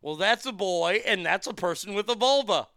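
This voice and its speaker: A man with a high, bright voice and a gravelly edge hosts a show, reading stories aloud and tearing into them with crude, profane mockery. His voice is close and dry, with no room around it. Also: expressive, normal speed, dry recording. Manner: mocking, profane, laughing at what he reads. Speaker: show host. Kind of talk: crude comedic commentary.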